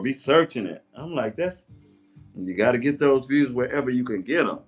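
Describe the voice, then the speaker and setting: A man chatting casually on a livestream while he takes down his hair, telling stories with lively quoted voices. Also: medium pitch, moderate pace, soft background music. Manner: chatty, animated storyteller with playful voices in quotes. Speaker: live streamer. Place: at home doing his hair. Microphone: tablet mic.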